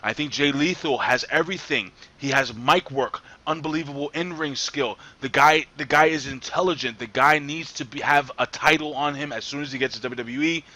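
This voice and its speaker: A man hosting a casual wrestling panel, excited, often repeating words as he steers the talk. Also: fairly high pitch, moderate pace, hardly any pauses, low-quality recording. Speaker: podcast host.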